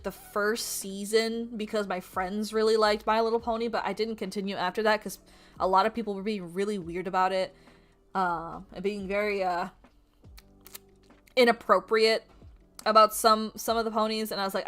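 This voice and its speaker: A young adult woman streamer chatting casually while drawing, animated and profane, often laughing. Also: medium pitch, normal speed. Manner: animated, swearing, laughing, quoting people in mock voices.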